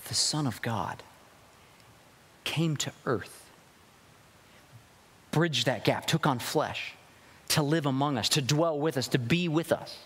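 A man's voice: medium pitch, long reverb tail. A man pastor giving a sermon, reading scripture and preaching with emphatic rises and drops.

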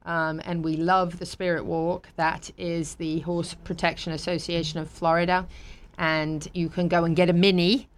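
A woman's voice: on the low side, little pitch movement, moderate pace, a little hiss or hum. A woman with a British accent hosting a talk show, chatty and laughing easily between sponsor reads. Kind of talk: casual chat.

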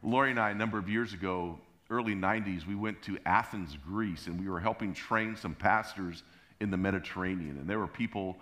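Middle-aged man telling a lively sermon story. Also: brisk. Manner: animated, acts out scenes and sounds with pitch jumps. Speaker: pastor.

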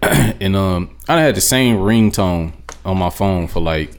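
A man's voice: low voice, animated, a little slow, smooth. Blunt, profane man chatting. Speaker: podcast co-host. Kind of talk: casual chat.

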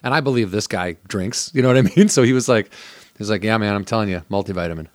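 A man's voice: lowish voice, fast, a little mellow, no echo, clean studio sound. A man telling rambling comic stories in casual chat, acting out what other people said. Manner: rambling storyteller, acts out quotes.

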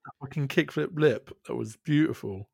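A man's voice: mid-range voice, moderate pace, gravelly, a little mellow, husky, dry recording. Male co-host, laid-back, calls tricks, dry close sound. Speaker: co-host reacting to a skate video. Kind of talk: casual reaction commentary.

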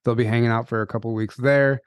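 A man's voice: mid-range voice, fairly even intonation, quick pace, clear, resonant tone, no room sound. A man hosting a podcast, reading the promos and interviewing a guest in a casual, upbeat way with frequent fillers. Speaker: podcast host.

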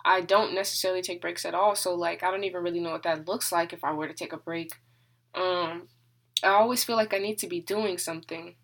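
A woman's voice: on the low side, fairly even intonation, a little fast, a bit bright, low-quality recording. A young woman, a college student, talking openly and rambling through her thoughts about her future in a candid vlog from her room. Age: young adult. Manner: open, rambling, thinking aloud.

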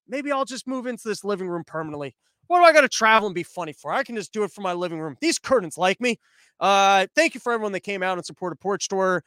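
A man's voice: sits high, fairly bright tone, clear, resonant tone, no echo. A man comedian giving a rambling, sarcastic monologue with lots of fillers, recorded in his living room. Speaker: comedian hosting daily briefings. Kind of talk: casual comic monologue.

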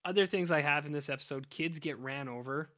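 On a podcast, a male co-host casually recaps an episode, rambling through a story packed with fillers and restarts. His voice is fairly high, brisk and a bit bright. The studio sound is clean, with no room sound.

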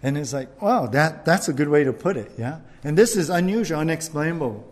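Slightly high-voiced man preaching a sermon. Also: a little fast. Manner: animated storytelling with jokes and acted-out voices. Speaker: pastor.

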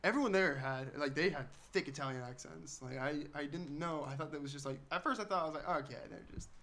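A man's voice: a little high, quick pace, a bit bright. A man telling a rambling anecdote as a podcast guest, laughing often.

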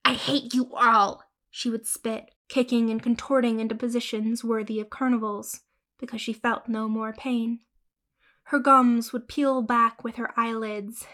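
A woman narrating a horror short story in a measured, grim, unhurried way. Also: fairly high pitch, fairly bright tone.

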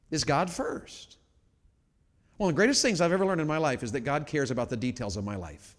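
Middle-aged man, revival preacher, folksy storytelling sermon, quiet then shouting, long hall reverb. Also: medium pitch, expressive, quick pace. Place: large church auditorium.

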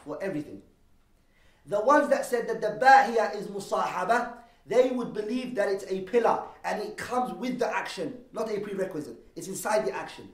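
A man teaching a lesson on Islamic law, explaining terms and posing rhetorical questions, quickly reading Arabic texts and then translating them. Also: high voice, animated. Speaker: religious teacher. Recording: echoey room, voice from a distance.

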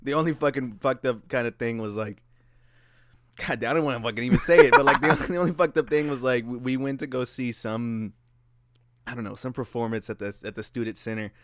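A man's voice: medium pitch, a little fast, dry recording. A man chatting casually, telling a story loosely with swearing and restarts. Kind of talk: casual chat.

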